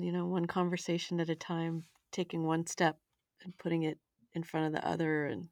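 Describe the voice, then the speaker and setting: A woman's voice: lowish voice, flat delivery, normal speed, a little mellow. Upbeat, encouraging woman podcast host. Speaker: podcast host and self-defense teacher. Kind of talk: podcast hosting and guided affirmations.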